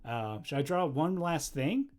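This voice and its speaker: A young man chatting casually on a livestream while he draws, rambling and easily distracted, laughing often and bursting into loud excited exclamations. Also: a little high, unhurried. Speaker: livestreaming animator.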